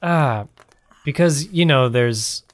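This male podcast co-host speaks slowly in a mid-range voice during a casual brainstorming chat. He laughs a lot and tends to leave his sentences hanging.

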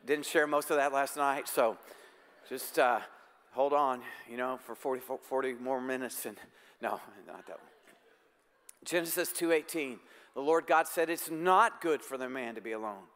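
A man's voice: medium pitch, normal speed, a bit bright, smooth. A man preaching a sermon as pastor, talking in an earnest, conversational way. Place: church sanctuary. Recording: long church-hall reverb.

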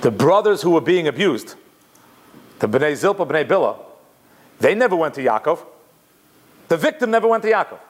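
A man teaching a Torah class in a lively, conversational way, weaving Hebrew quotations into plain talk. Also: fairly high pitch, moderate pace, pauses often. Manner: animated, conversational, mixes Hebrew quotes in.

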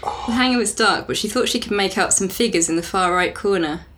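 A woman's voice: mid-range voice, fairly quick. A woman reading a novel aloud to friends in a casual way. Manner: reads aloud, breaks into laughter. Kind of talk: casual book reading with banter. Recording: loud background noise.

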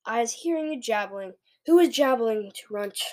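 A woman reading the lines of a huge, greedy male giant in a storybook, shouting bossily with mangled grammar. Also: fairly high pitch, lively intonation, normal speed, close to an everyday voice. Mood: bullying.

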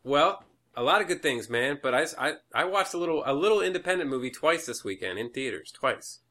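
A man's voice: a little high, animated, pushed and bright. A man hosting a podcast, chatting casually and answering with easy affirmations. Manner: easygoing, quick affirmations. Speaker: podcast host.

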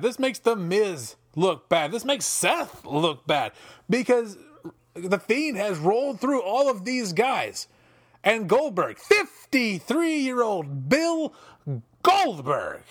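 A man giving exasperated, animated commentary on a wrestling result, swearing and restarting his sentences as he rants. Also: sits high, no echo, studio quality. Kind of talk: ranting commentary.

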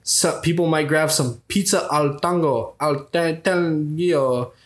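A man's voice: on the high side, steady tone, takes it slowly. A young man co-hosting a casual podcast, reading an article aloud in a mock-formal tone and laughing often. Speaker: podcast co-host.

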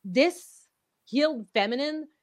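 A young woman hosting a podcast interview, telling a personal story in lively, animated bursts and acting out other people's voices along the way. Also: sits high, slow pace, no echo. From outside the US. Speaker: podcast host. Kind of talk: casual interview chat.

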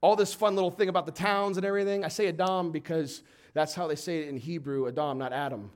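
A man preaching a sermon, animated and storytelling, swinging from quiet reading to shouted emphasis. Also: high voice, fast.

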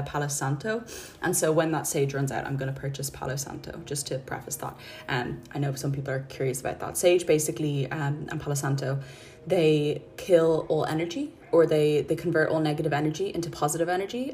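Calm, chatty woman, lowish voice. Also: a little hiss or hum. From Ireland. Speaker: podcast host and mindset coach. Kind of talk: casual spoken podcast chat. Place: her apartment. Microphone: phone.

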